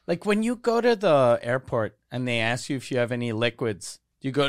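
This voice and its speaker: A man co-hosting a podcast, throwing in quick jokes and laughing in casual banter. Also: mid-range voice, big pitch swings, smooth, no room sound, clean studio sound. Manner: jokey, quick riffs, laughs a lot. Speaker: podcast co-host.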